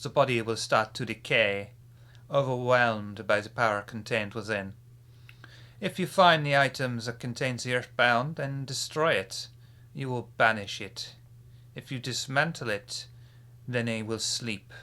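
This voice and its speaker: A man acting as game master, voicing a courteous, sly hooded vampire with a raspy put-on French accent in a live-streamed tabletop game. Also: medium pitch, measured pace, pushed and bright. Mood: courtly. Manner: formal and gracious, ends remarks with a teasing "huh?".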